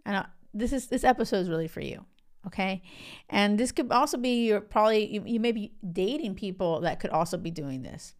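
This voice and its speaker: A woman's voice: mid-range voice, animated, brisk. A woman hosting a solo podcast as a relationship coach, speaking frankly and candidly in casual talk. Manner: frank, candid, mixes in swearing and laughs.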